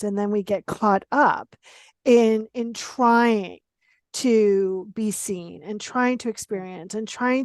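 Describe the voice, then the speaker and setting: A woman hosting a casual conversation, talking in an animated, emphatic and playfully blunt way. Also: mid-range voice, no room sound, studio quality. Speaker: podcast host.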